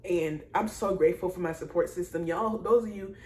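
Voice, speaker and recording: A young woman with a low voice tells her own story straight to camera, rambling and circling back on herself. She is emotional and keeps apologizing as she goes. The room around her rings with echo, and a faint hiss sits underneath. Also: fairly quick, a little mellow. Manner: rambling and repetitive, speaks straight to viewers; emotional, apologizing and laughing through tears. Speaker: vlogger. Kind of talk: casual personal storytelling to camera. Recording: echoey room with faint noise.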